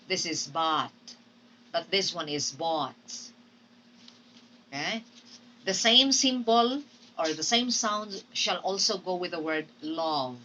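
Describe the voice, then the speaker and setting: A woman with a lowish yet bright, forceful voice teaches pronunciation at a very slow, careful pace. She models example words and keeps checking in with her listeners. She is heard from a distance from the mic, with faint noise behind her. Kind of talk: recorded phonetics lesson.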